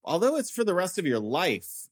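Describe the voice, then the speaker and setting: A man, a comedian guest on a podcast, musing deadpan and tossing out crude jokes. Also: sits high, normal speed, slightly rough. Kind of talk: casual comedic chat.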